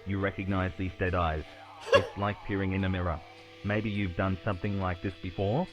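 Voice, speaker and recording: A male text-to-speech voice reading adventure story text in a flat, even manner. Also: low-pitched, normal speed, lo-fi sound, soft background music. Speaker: game narrator voice. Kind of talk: synthetic story narration.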